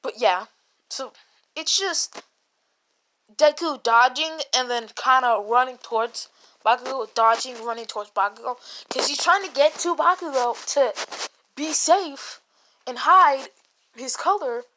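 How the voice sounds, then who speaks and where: A woman's voice: high voice, unhurried, pushed and bright, slight background noise. A woman casually retelling a made-up fan story, rambling and swearing, with many restarts. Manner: rambling and profane, full of restarts and "like".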